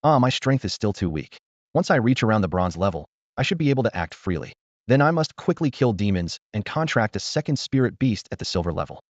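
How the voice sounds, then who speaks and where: A man voicing a calm, polite young hero. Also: on the low side, fairly quick, no room sound. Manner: polite, composed. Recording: dull lo-fi dry recording.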